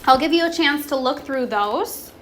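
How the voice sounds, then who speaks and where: A woman teaching a recorded class, slowly modelling pronunciation and asking questions. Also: high voice, lively intonation, a bit bright, a little hiss or hum. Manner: slow, deliberate, stretches words to model pronunciation; asks questions and pauses for students. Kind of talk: recorded remote classroom lesson.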